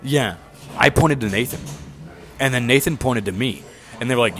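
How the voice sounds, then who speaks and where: A man's voice: medium pitch, moderate pace, long pauses, soft background music. A young man casually telling a rambling story, swearing freely and acting out the voices of the people he quotes.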